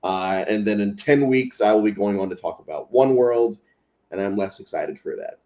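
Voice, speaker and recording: Low-voiced man on dull audio. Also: moderate pace, darkish tone. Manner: rambling, filler-heavy. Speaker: podcast guest. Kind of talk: casual chat.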